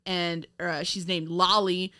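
Woman podcast co-host, bright tone, rambling and giggly film chat. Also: on the low side, little pitch movement, slow pace. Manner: rambling, laughs often, many fillers and restarts. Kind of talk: casual film review chat.

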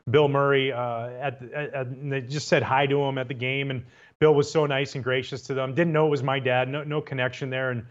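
A man's voice: medium pitch, level tone, fairly quick. A man hosting a casual interview, eager and rambling through his questions, often repeating words. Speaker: podcast host, former pitcher. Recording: dull lo-fi sound.

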